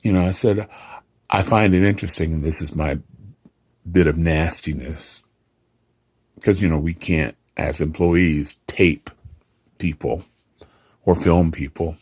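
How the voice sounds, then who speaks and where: A man's voice: extremely low pitch, steady tone, slow pace, long pauses, darkish tone, slightly rough, dry recording. A middle-aged man, a hotel front desk clerk, casually telling a story and acting out the dialogue with dry humor.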